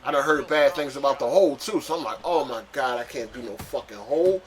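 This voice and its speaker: A young man telling a story in a casual vlog, animated and profane, with street slang and sudden high-pitched shouts for emphasis. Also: quick pace, faint music behind.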